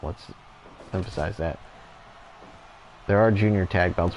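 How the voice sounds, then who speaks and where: Casual male game commentator, lowish voice, laid-back play-by-play with faint room hum. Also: unhurried, pauses often. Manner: relaxed, chatty, laughs and goes off on tangents.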